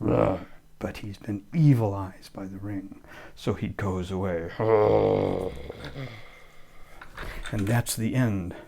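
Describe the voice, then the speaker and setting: A man's voice: on the low side, a little slow, dark tone. A man teaching a music class, retelling an opera cycle playfully with puppets in a loose, jokey way. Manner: jokey, loose storytelling with fillers.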